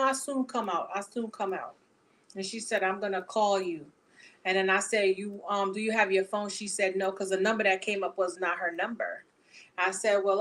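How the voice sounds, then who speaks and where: A woman reading tarot cards for her viewers in a casual, animated, profane and chatty way. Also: medium pitch. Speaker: tarot reader.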